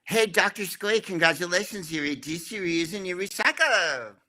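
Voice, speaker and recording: A man's voice: high voice, expressive, moderate pace, pushed and bright, voice pushed up, exaggerated voice. A man doing the voice of a cheerful, friendly male cartoon builder in a sing-song, upbeat way, close to his own voice. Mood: cheery.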